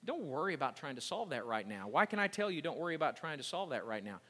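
A man's voice: fairly high pitch, quick pace, long reverb tail. A male pastor preaching a sermon, explaining scripture and reading it aloud with growing intensity. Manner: builds from calm teaching to loud impassioned preaching.

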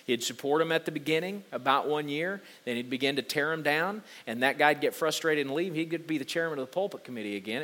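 A man in his forties, a pastor, preaching a sermon and telling a personal story in an earnest way, with halting restarts. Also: mid-range voice, pushed and bright.

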